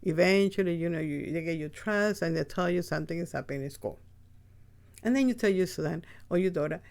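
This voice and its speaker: A podcast host talks in a loose, rambling monologue with a gravelly, creaky edge to the voice. The delivery is blunt and peppered with swearing, stopping and restarting mid-thought. The pitch sits in a middle range. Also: brisk, darkish tone. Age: adult with a child. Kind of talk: casual spoken monologue.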